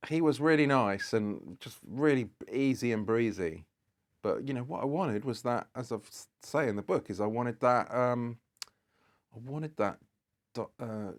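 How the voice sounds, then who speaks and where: A man, a guest on a podcast, telling a long anecdote in casual chat and acting out the dialogue as he goes. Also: on the low side. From Britain. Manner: rambling storyteller who acts out dialogue.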